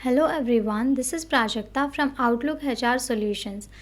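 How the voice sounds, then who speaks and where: High-voiced woman teaching vocabulary. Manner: measured, explanatory, reads definitions and examples. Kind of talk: instructional word-by-word lesson.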